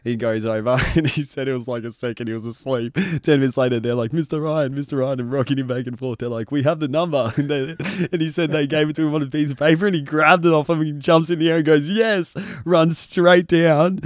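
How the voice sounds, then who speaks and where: A man's voice: fairly high pitch, steady tone, fast, hardly any pauses, no echo, studio quality. A young Australian man, a podcast co-host, telling a rambling story in casual chat, swearing and laughing often.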